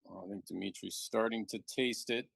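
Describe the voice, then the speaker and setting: A man commentating a live backgammon match, joking and relaxed as he banters with his co-host. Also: on the low side, moderate pace, creaky, husky, no echo.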